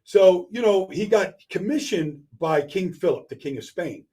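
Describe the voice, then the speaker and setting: A man talking sports on a radio show, emphatic and quick, repeating words as he builds each point. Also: sits high, expressive, warm tone, breathy edge. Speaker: regular guest analyst. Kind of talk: casual sports talk.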